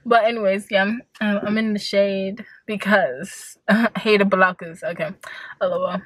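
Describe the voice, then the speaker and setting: Here a young woman vlogs from her car, parked outside on a hot day, in an unhurried, steady, medium-pitched voice that's fairly bright with a breathy edge and no echo. She chats casually, yawns from tiredness, laughs a lot and uses many fillers.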